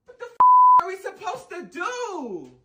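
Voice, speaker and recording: A performer putting on a whiny, high-voiced male basketball player who complains over the top. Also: wildly swooping pitch, unhurried, lo-fi sound, heavy background noise. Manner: shrill, exaggerated whining. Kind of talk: comedic impression.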